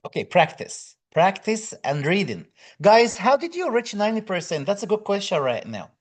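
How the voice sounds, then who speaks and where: A man's voice: high-pitched, wildly swooping pitch, normal speed. A man teaching exam prep on a live stream, chatting casually, greeting viewers by name and reading out their comments in loosely phrased English. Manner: non-native English phrasing with fillers.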